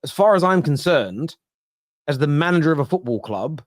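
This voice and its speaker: A man co-hosting a football podcast, making measured points in a casual debate. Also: fairly high pitch, lively intonation, no echo, studio quality. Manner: measured, reasoned, gently teasing.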